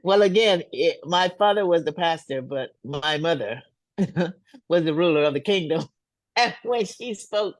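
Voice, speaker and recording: An older woman, a singer, telling stories in a relaxed interview and playfully acting out the people she quotes, with frequent laughter. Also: lowish voice, moderate pace, dry recording. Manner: laughs often while talking. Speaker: singer and guest. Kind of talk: storytelling in a casual interview.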